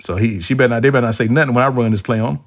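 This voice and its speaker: A man's voice: mid-range voice, very fast. A grown man hosting a casual chat, telling stories with slang and swearing and acting out the quoted voices. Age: adult, past his younger days. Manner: animated storyteller, acts out quotes in shifting voices; swears freely, slangy street talk. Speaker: podcast host.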